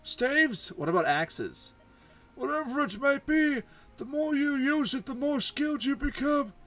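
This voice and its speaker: A man doing a squeaky chirpy game villager. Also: expressive, measured pace, a bit bright, exaggerated voice.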